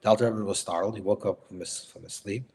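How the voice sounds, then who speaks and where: Rabbi retelling a story, deep-voiced man. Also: vocal fry, darkish tone, slight background noise. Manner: restates phrases, glosses Hebrew and Yiddish terms in English; unhurried, repeats and corrects himself mid-sentence. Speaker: rabbi teaching. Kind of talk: storytelling lecture.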